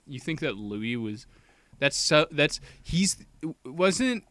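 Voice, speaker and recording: A young adult man co-hosting a podcast, talking casually with an animated, jokey manner. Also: a little high, slow, no room sound. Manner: animated, jokey, laughs often. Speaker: podcast co-host. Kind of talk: casual chat.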